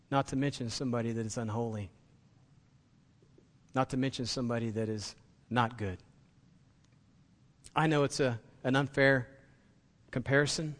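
A man's voice: medium pitch, big-room sound. A man preaching a sermon as pastor, impassioned and building to emphatic peaks.

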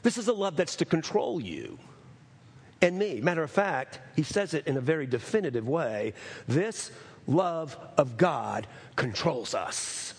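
A middle-aged pastor delivers a sermon in a creaky, slightly rough voice with big pitch swings. He alternates between raised, emphatic lines and low, drawn-out phrases.

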